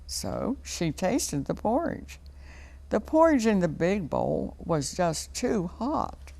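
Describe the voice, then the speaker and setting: A woman reading a fairy tale aloud to children on a local TV show, slowly and expressively, in a sing-song way. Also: lowish voice, big pitch swings, gravelly, warm tone. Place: TV studio.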